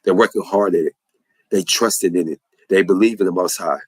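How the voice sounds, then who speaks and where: A man's voice: low-pitched, a little fast, breathy edge, no room sound, poor audio. A man giving an impassioned religious testimony in a preacherly way, repeating phrases for emphasis.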